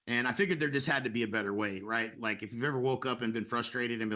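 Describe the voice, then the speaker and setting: Fast, bright-voiced salesman man. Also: mid-range voice. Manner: energetic, persuasive, many fillers and restarts. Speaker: real estate broker pitching to agents. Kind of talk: sales webinar talk.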